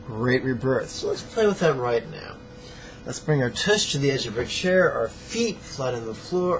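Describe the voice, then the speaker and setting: Gravelly-voiced male meditation teacher. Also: medium pitch, poor audio. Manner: playful, joking, plainspoken. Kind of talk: guided meditation lesson.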